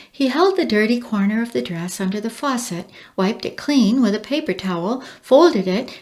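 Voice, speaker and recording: Woman narrating a storybook, expressive. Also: medium pitch.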